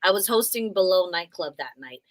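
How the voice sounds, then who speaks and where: A woman's voice: lowish voice, a little fast, dry recording, low-quality recording. A woman in her thirties co-hosting a casual chat, telling a story and acting out the people in it. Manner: animated, acts out quotes in other voices. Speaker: co-host.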